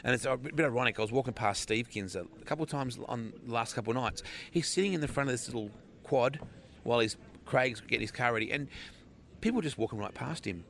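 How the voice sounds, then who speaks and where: A man's voice: mid-range voice, expressive, fast talker, creaky, fairly bright tone, slight background noise. A man with an Australian accent, talking in a casual interview about sprint car racing as a guest.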